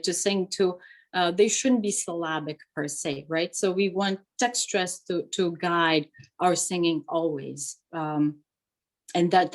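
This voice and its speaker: A woman's voice: mid-range voice, a little mellow, rough recording. Woman teaching chant, sings examples. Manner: explains with sung demonstrations; frequent fillers and "right?" checks. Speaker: chant instructor. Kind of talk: online workshop teaching.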